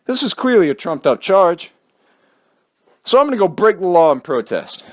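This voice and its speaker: A man's voice: sits high, sing-song, normal speed. A young man giving casual, heated commentary in a sarcastic, ranting manner. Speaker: vlogger.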